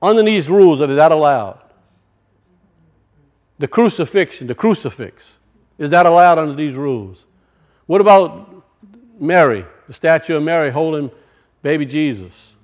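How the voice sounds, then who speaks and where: A man preaching a sermon and telling a personal story, swinging from loud bursts to hushed, quiet lines. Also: fairly high pitch, expressive, moderate pace, long pauses. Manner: rises loud then drops to hushed, storytelling.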